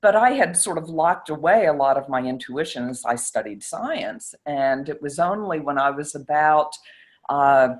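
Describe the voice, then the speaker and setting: A woman's voice: sits low, expressive, normal speed. A middle-aged woman, a psychiatrist, telling a story in an interview and acting out the quoted exchanges with animation.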